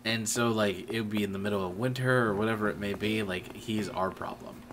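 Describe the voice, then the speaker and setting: A man's voice: fairly low pitch, fairly even intonation, fairly quick. A young man in a casual, profane rant, venting bitterly about an old job. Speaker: streamer. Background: music.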